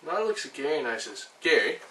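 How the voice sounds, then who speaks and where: Brief: man impersonating a profane, bragging chicken catcher, rough rant, roomy echo with faint background hum. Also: on the high side, big pitch swings, racing, fairly bright tone, voice pushed up. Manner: profane ranting storytelling. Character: foul-mouthed rough male chicken catcher, boastful. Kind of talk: recited monologue impression. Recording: roomy, distant, faint ambient noise.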